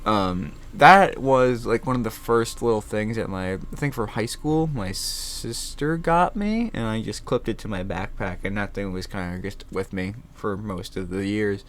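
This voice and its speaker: A man's voice: fairly low pitch, unhurried, few pauses, a bit bright, slight background noise. A young man chatting casually in his room, rambling with many restarts and swearing. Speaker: vlogger. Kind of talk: casual chat.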